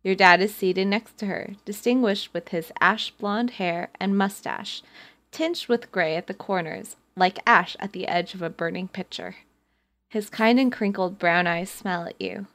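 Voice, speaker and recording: A woman's voice: medium pitch, a little slow, a bit bright. A young woman hosting a podcast, reading an interactive story aloud and breaking off to joke with her friends. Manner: giggly, reads narration then jokes between passages. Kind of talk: casual reading aloud with banter.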